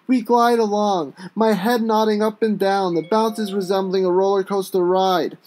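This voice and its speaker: A man reads his own gritty first-person story aloud. His delivery is intense and raw, and it breaks into sudden angry shouts. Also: sits high, steady tone, moderate pace.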